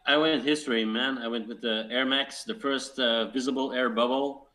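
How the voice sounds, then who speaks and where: A man's voice: medium pitch, steady tone, normal speed, sharp tone. A man on a casual panel, emphatic and enthusiastic.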